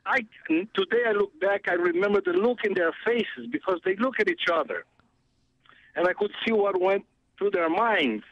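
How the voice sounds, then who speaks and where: A man with a foreign accent telling a lively story as a radio guest, laughing often and acting out the voices of others. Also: high voice, normal speed, no room sound, highs cut off. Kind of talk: storytelling on a talk radio show.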